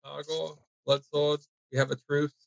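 Male player in an rpg session, casual halting talk, dull dry sound. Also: a little high, level tone, creaky, no room sound. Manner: hesitant, casual. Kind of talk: playing a tabletop game.

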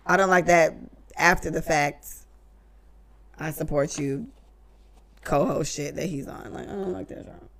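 Podcast co-host, woman; gravelly and edgy, outspoken, swears freely, casual chat. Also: on the low side, steady tone, normal speed, fairly bright tone. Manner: blunt, profane, opinionated.

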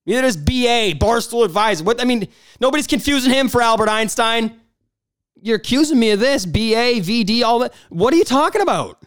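A man's voice: extremely high pitch, lively intonation, fairly quick, fairly bright tone, no echo, clean studio sound. A man hosting a podcast, talking in a blunt, profane casual monologue. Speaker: podcast host.

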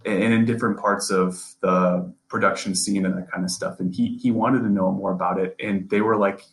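Earnest young man with a low voice. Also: fairly even intonation, normal speed, poor audio. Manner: earnest, repeats and restarts words. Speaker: sports reporter, podcast guest. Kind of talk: casual interview conversation.

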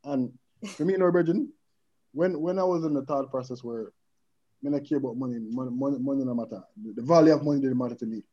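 A man's voice: mid-range voice, fast talker. A man, a podcast guest chatting casually and animatedly, mixing in patois and often asking "you understand?". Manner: animated, repeatedly checks in with the listener, mixes in patois. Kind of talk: casual chat. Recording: dull lo-fi sound.

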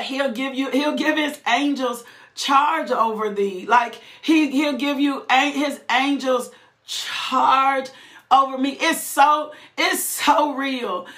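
A woman's voice: high voice, fairly bright tone. A woman giving a fervent, emotional personal testimony, repeating phrases and breaking into laughter. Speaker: testifying believer. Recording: roomy echo.

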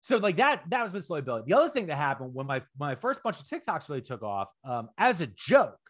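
A middle-aged man co-hosting a podcast, telling profane stories in a casual chat that climbs to near-shouts. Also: a little high, brisk. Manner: animated, profane storytelling, rising to near-shouts. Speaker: podcast co-host.

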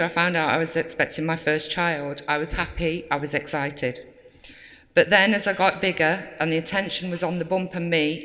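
A woman's voice: low voice, fairly bright tone. Woman testifying in an echoing hall. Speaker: survivor giving a talk. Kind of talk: personal testimony read to an audience. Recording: long hall reverb.

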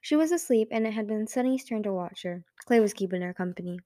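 Audiobook narrator: woman, amateur reading, self-corrects often, dry close mic, middle pitch. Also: expressive, quick pace, dark tone, no echo. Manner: reads with frequent restarts and self-corrections.

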